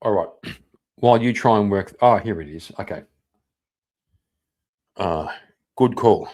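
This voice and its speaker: A man's voice: fairly low pitch, unhurried, a little mellow. A man hosting a live stream, chatting casually with his viewers, rambling, swearing and laughing often. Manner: profane, rambling, laughs a lot. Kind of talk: casual chat reacting to viewers.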